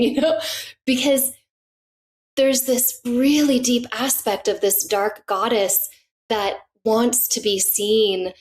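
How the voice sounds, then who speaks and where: A woman's voice: on the high side, measured pace. Enthusiastic woman telling a myth. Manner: enthusiastic, animated, laughs often. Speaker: podcast guest, author. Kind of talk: casual storytelling in conversation.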